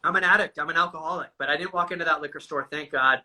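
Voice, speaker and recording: A man recounts his own experiences in loose, candid conversation. His voice sits a little high and sounds very bright and forward. He swears often and tosses "dude" into nearly every sentence. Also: racing, slight background noise, poor audio. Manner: casual and profane, says "dude" constantly. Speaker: guest sharing a recovery story.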